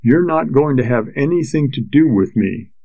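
A man's voice: medium pitch, sing-song, takes it slowly, highs cut off, heavily acted. A man reading a novel aloud, voicing a stubborn frontier wife with a harsh, defiant tone. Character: hard, stubborn frontier wife, young woman. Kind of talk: audiobook character voice.

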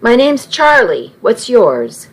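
Polite, flustered young man, read by a woman, lifted pitch, slow. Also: sing-song, breathy edge, full character voice, poor audio.

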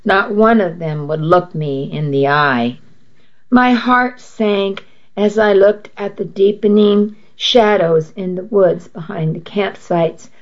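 A woman reading a first-person story aloud in a measured way, with small restarts. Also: medium pitch. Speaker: narrator. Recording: dull lo-fi recording.

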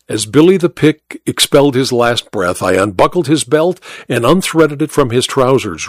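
A man narrating a first-person noir tale as the host of a story show, hardboiled and measured. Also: mid-range voice, dry recording, studio quality.

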